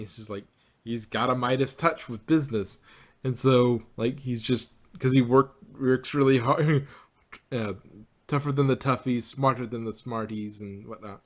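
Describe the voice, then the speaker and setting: A man's voice: mid-range voice, steady tone, a little slow. A man co-hosting a casual review chat, rambling with many restarts and frequent laughs. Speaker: podcast co-host.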